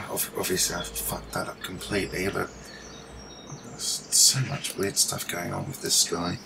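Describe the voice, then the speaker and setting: A man's voice: low voice, steady tone, slow, creaky, long pauses. A man rambling through live commentary outdoors as he films the sky, swearing casually and trailing off mid-sentence. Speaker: livestreamer filming the sky. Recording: loud outdoor noise.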